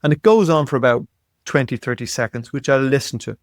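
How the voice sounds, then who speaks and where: A man in his fifties, a podcast guest, telling a story in an animated way and often repeating words as he goes. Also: mid-range voice, brisk, dry recording, clean studio sound. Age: 50s. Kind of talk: storytelling in conversation.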